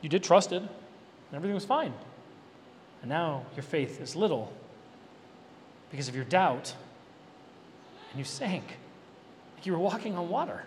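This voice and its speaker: A man preaching an expository sermon, animated and emphatic, with conversational asides to his listeners. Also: on the high side, moderate pace, pauses often. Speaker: pastor. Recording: reverberant hall with faint background noise.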